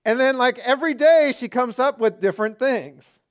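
A middle-aged man preaching a sermon as pastor, conversational and animated, acting out quoted remarks. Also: extremely high pitch, normal speed, clear, resonant tone.

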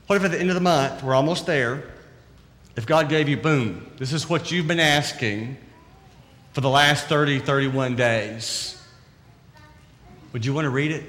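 A man's voice: medium pitch, fairly bright tone, long reverb tail. A man with a Southern accent giving an earnest, conversational sermon that is full of rhetorical questions. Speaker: preacher.

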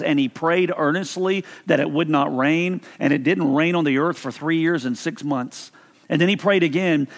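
A pastor preaching a sermon in an earnest, conversational way, often stumbling and repeating words. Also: male voice, fairly high pitch. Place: church.

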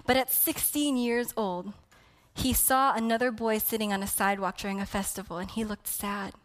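A woman preaching a sermon with passion, dropping to a hush and then building to loud emphasis. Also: mid-range voice, fairly even intonation, normal speed. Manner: impassioned, swinging from hushed to loud emphasis.

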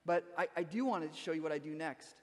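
A man's voice: on the high side, fast talker, in a large hall. A man preaching a sermon as pastor, talking conversationally and repeating words as he starts a thought.

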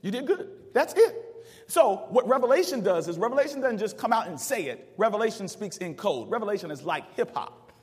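A male pastor preaching a call-and-response sermon, reading verses aloud and pausing for the congregation to fill in the words. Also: high-pitched, sing-song, a little mellow, in a large hall. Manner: preaches with rising call-outs and asks the congregation to finish verses.

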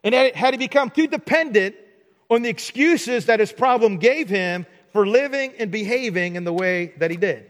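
A man preaching a sermon in a church, animated and acting out mock dialogues for laughs. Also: high-pitched, normal speed. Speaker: pastor. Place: church sanctuary. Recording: long hall reverb.

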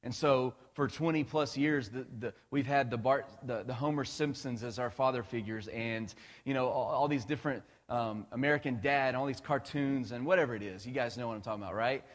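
A male pastor preaching a conversational, animated sermon, with restarts and asides to the congregation. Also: medium pitch, brisk. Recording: long hall reverb.

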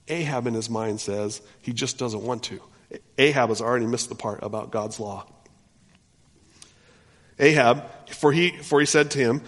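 A male pastor retelling a scripture story in an animated sermon, often restarting his sentences. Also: medium pitch, normal speed. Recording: long hall reverb.

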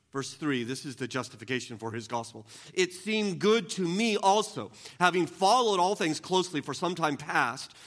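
A man preaching an earnest sermon, often restarting phrases and moving between quiet and emphatic passages. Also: a little high. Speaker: pastor.

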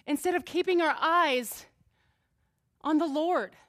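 A woman with a fairly high voice preaches a sermon before a congregation. She talks in a conversational way, joking with her listeners, then builds to emphatic passages before dropping back to quiet asides. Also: slow, pauses often. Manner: jokes and laughs with listeners.

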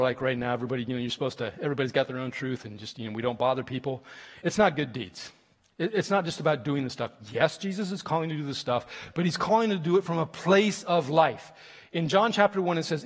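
A man preaching a sermon with stories, animated and emphatic, with fillers and restarts. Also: fairly high pitch. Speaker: visiting preacher from a mission group. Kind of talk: sermon with storytelling. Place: church sanctuary. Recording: long reverb of a large room.

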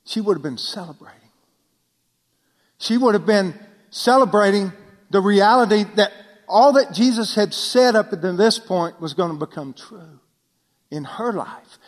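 High-voiced man preaching in a reverberant hall. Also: animated, a little slow, pauses often. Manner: preaching with sudden drops to near-whisper for emphasis; conversational, asks the listeners rhetorical questions. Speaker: pastor. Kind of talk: sermon.

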